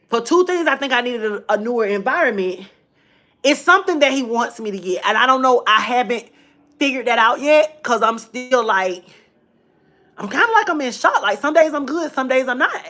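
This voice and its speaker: A woman's voice: fairly high pitch, lively intonation, moderate pace, bright, forceful tone. A woman, telling a personal story to her viewers in a chatty, emotional way. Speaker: vlogger.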